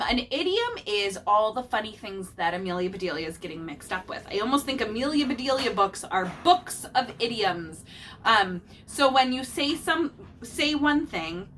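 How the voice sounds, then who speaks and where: As she reads a picture book to her child, a woman acts out the characters and breaks off to explain idioms. Her fairly high, slightly bright voice comes with a little hiss or hum.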